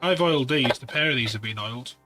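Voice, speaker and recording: A man's voice: medium pitch, quick pace, bright, forceful tone, soft background music. A man talking casually through miniature painting tools, rambling with practical asides. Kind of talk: casual hobby tutorial talk.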